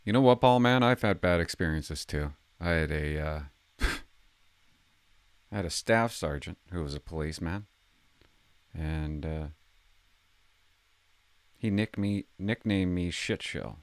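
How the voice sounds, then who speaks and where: This older retired vlogger, who plays hotline calls, speaks low and unhurried, leaving long pauses in a clear, resonant tone with no room sound. He chats casually to the camera, fumbling words and occasionally swearing.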